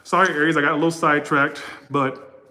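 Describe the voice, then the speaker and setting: A man's voice: fairly high pitch, level tone, fairly quick, bright, forceful tone. A man giving a casual tarot reading for all the signs, blunt and profane, often losing his place and rambling. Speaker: tarot reader.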